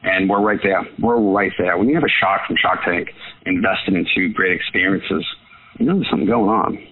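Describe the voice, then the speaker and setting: A deep, steady male voice moves at a brisk pace as a photo business owner speaks as an interview guest. He is casual and enthusiastic, leans on lots of fillers and says things more than once, all with a tinny phone-line quality.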